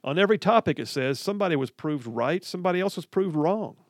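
A man hosting a talk radio show, ranting in an animated, mocking way about the news. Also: a little high, quick pace, no room sound, clean studio sound. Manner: animated, mocking, quotes others in put-on voices. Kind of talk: opinionated talk radio monologue.

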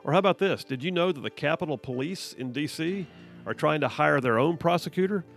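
A man hosting a talk radio show, speaking in an energetic, emphatic and folksy way. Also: a little high, fairly quick, faint music behind. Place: radio studio. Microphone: studio mic.

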